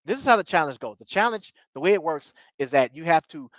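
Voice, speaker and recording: A man's voice: on the high side, lively intonation, fast, dry recording. A man giving a casual, rambling recap of a TV episode, repeating himself and leaning on fillers like "you know what I mean". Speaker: TV show reviewer. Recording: dull lo-fi dry recording.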